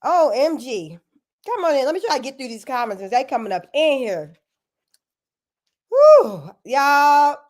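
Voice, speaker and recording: A woman's voice: high-pitched, fast talker. Chatty woman hosting a live commentary stream. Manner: animated, chatty, addresses viewers directly. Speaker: commentary vlogger. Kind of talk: casual livestream commentary.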